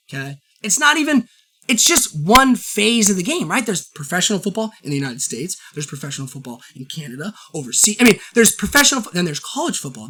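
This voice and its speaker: A man holds forth alone on his show, his voice bright and forward. He rants about sports with fired-up energy. He rambles, restarts and circles back to hammer the same points. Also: sits high. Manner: fired-up, rambling, repeats himself. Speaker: show host. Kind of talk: solo sports opinion rant.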